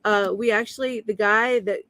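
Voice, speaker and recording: Woman guest, casual and vivid storyteller, middle pitch, dry room. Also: fairly even intonation, a bit bright, no room sound. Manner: vivid, emotional retelling with quick asides. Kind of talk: casual storytelling on a live stream.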